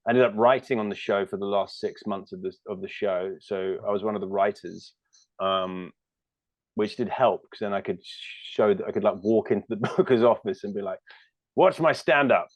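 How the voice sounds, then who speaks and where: Chatting casually as a guest in an interview, this thirtysomething comedian from the United Kingdom rambles and pokes fun at himself, with many fillers and false starts. He speaks in a lowish voice with fairly even intonation, a bit fast, recorded dry.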